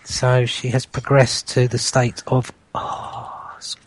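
A man's voice: mid-range voice, completely flat delivery, measured pace. A man co-hosting a hobby podcast, chatting in a rambling, distracted way while he works on a model. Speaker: podcast co-host. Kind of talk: casual chat.

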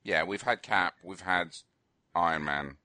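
A man's voice: low-pitched, measured pace, bright, forceful tone, dry recording. A man co-hosting a film review radio chat, opinionated and rambling, with many fillers and restarts.

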